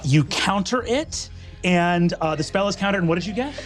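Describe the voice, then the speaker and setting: A man running a tabletop game as game master, narrating quickly and vividly with bursts of energy. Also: sits high, lively intonation. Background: music.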